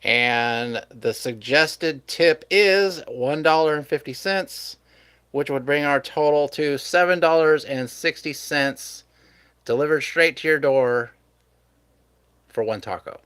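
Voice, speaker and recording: A man's voice: fairly high pitch, slow, fairly bright tone, smooth, dry recording. A man hosting a live stream, chatting casually with his viewers and chuckling often. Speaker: livestream host.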